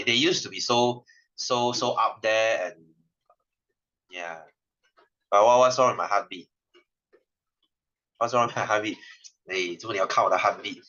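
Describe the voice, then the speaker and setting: Malaysian science teacher guy on webcam, bright voice, jokey, lo-fi sound. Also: medium pitch. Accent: Malaysian English. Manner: playful, teasing, laughs often. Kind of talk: online class lesson. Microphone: webcam microphone. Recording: dull lo-fi webcam audio.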